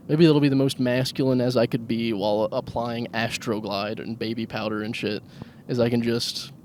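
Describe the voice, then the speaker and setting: A man's voice: mid-range voice, darkish tone, slight background noise. A man hosting a solo comedy podcast from his car while driving, crude and self-mocking, often laughing. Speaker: podcast host. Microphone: handheld microphone.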